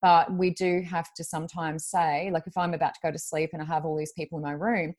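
Woman, very low voice, rambling, chatty, lots of fillers, casual storytelling. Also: level tone, fairly quick, darkish tone. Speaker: guest medium.

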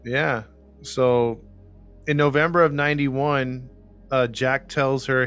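A man's voice: medium pitch, steady tone, takes it slowly, a bit bright, clean tone, faint music behind. A man hosting a podcast, telling a true-crime story casually with many fillers and acted-out quotes. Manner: rambling, lots of fillers, acts out quotes. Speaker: podcast host.

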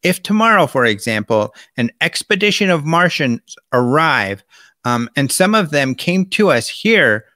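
Male host, chatty monologue with read-out quotes; bright, forceful voice, dry close sound. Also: a little high, no room sound. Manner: chatty, gestures with his hands while talking. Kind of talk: casual monologue reading out quotes.

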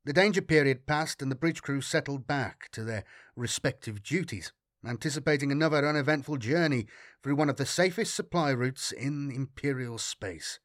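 Measured male audiobook narrator. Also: medium pitch, no room sound, clean studio sound. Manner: measured, dramatic reading. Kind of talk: scripted narration of science fiction.

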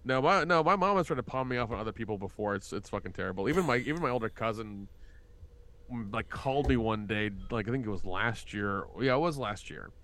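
A man's voice: lowish voice, animated, fast, a bit bright. A man co-hosting a podcast, from the American South but with no accent, chatting casually, swearing often and laughing through rambling restarts. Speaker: podcast co-host. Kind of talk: casual chat.

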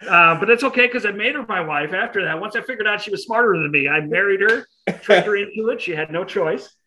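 A man's voice: high voice, quick pace, a little hiss or hum, rough recording. A man, telling a self-deprecating story in a casual interview. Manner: self-deprecating, animated anecdote with quoted voices. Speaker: interview guest.

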